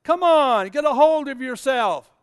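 A man's voice: very high-pitched, animated, a little slow, voice pushed up. A man acting out the elderly Sarah, who chides her husband in a playful, doubtful way, within a sermon. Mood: teasing. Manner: playful, chiding.

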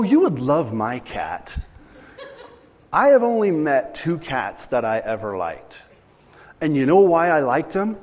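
Lively-voiced man preaching in a reverberant hall. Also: medium pitch. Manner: conversational storytelling, joking with congregation. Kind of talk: sermon.

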